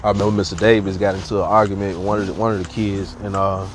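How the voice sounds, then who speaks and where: A man's voice: sits low, level tone, very fast, background noise. A man, hosting a podcast and telling school stories in a laid-back, profane, joking way. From Chicago. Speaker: podcast host. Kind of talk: casual storytelling.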